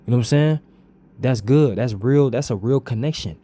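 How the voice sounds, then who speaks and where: Man, casual motivational vlog, earnest and repetitive, warm mellow tone. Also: medium pitch, moderate pace. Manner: earnest, repetitive, peppered with "bro" and "you know what I'm saying". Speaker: vlogger.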